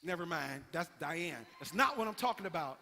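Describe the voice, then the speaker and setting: A man preaching a sermon as pastor, telling a story with lively acted-out voices. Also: a little high, moderate pace. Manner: animated storytelling, acting out characters. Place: church sanctuary. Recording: long hall reverb.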